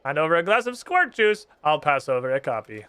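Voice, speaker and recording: Dude reading as a greedy game dealer, a bit higher pitched, bright. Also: male voice, sing-song, a little fast, clear, resonant tone. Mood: scheming. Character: greedy male dealer hoarding a document.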